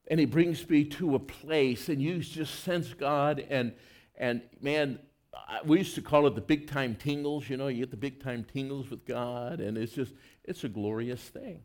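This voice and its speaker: A man preaching a sermon in an earnest, conversational way, swinging between loud emphasis and soft, low passages. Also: moderate pace.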